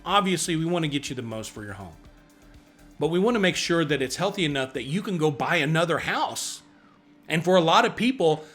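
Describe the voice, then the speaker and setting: Explaining housing market charts, this male real estate agent sounds a little high. His manner is casual and chatty, punctuated by sudden bursts of excitement and jokes at his own expense.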